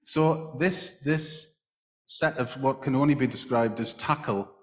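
This is a medium-pitched, unhurried man from England, a guest at a live stage talk inside a large book festival hall. His long anecdote is full of restarts, heard through the hall's echoey, roomy reverb.

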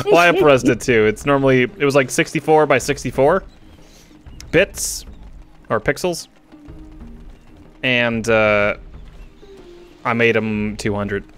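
A man's voice: medium pitch, slow pace, pauses often, fairly bright tone, clean tone, soft background music. A man streaming a video game, chatting casually with friends and laughing often. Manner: giggly, laughs often while playing. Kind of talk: casual let's-play chat.

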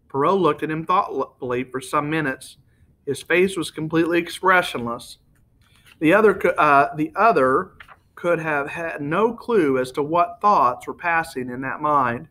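A man reads a novel aloud in a home-made audiobook style, now and then tripping over a word and correcting himself. His voice is bright and sits a little high. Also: measured pace. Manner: reads with small slips and self-corrections. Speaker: audiobook reader.

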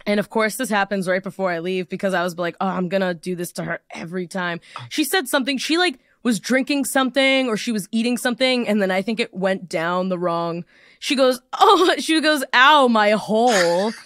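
A woman's voice: mid-range voice, brisk, no echo, clean studio sound. A woman in her twenties hosting a podcast, chatting casually and telling stories with lots of giggles. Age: 20s. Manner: giggly, animated storytelling with silly voices. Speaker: podcast host. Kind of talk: casual chat.

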